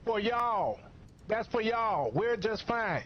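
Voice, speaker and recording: A man's voice: high-pitched, animated, slow. A man delivering a profane, scolding commentary rant in a lo-fi recording. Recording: muffled lo-fi recording.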